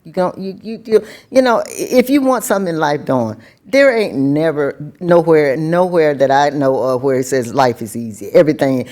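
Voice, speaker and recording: A woman's voice: sits low, animated, normal speed, hardly any pauses, a little mellow. An older woman speaking as a guest in casual conversation, plainspoken and folksy, giving firm advice. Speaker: guest, host's mother.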